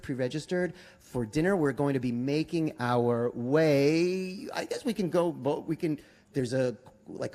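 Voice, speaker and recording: A rabbi leading a Shabbat service, earnest in tone, with halting restarts when he speaks off the cuff. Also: medium pitch, darkish tone.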